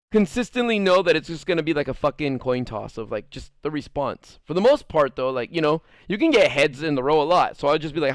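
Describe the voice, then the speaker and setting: A man's voice: on the high side, big pitch swings, quick pace, few pauses, clear, resonant tone, no echo, studio quality. A man streaming live, telling rambling stories to his chat and acting out quotes in jumping voices, with a lot of swearing. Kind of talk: casual storytelling to live chat.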